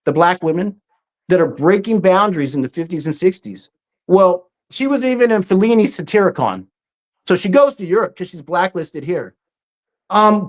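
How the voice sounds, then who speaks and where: A presenter giving a casual, story-driven talk over slides, often pausing with "um" and acting out quoted speech. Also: mid-range voice. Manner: frequent ums and restarts.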